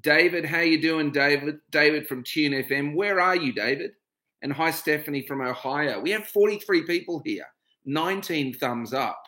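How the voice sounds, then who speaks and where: He speaks at a normal speed, his voice on the high side and sounding pushed and bright. The speaker is a middle-aged Australian hosting a chatty home livestream, naming viewers as he greets them and then turning to reflect candidly on his own experiences.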